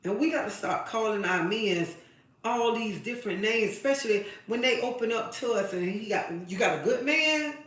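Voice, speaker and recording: A woman's voice: medium pitch, moderate pace, recorded from a distance. A woman hosting a live stream and giving women emphatic, preachy advice, repeating her phrases for weight. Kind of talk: impassioned advice monologue to women. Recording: very echoey room, away from the mic.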